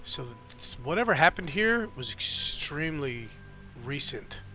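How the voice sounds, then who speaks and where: A man's voice: on the high side, big pitch swings, unhurried, pushed and bright, faint music behind. A man narrating as dungeon master in a rambling way, with many fillers and self-corrections, with the hiccups. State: has the hiccups. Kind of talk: narrating a tabletop game.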